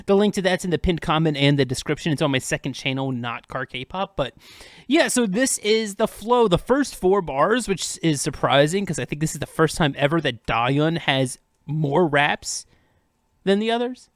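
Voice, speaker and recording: A man's voice: fairly high pitch, animated, normal speed, dry recording, clean studio sound. A young man hosting a casual, unedited music breakdown, chatting upbeat about rap flows with plenty of fillers. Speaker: host of a music breakdown channel.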